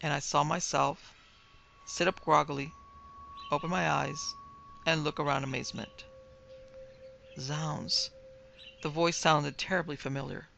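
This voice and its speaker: Female horror narrator, vivid first-person reading, gravelly bright tone. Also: low voice, steady tone, unhurried, long pauses, slight background noise. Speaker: narrator and producer. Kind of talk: dramatic horror story narration.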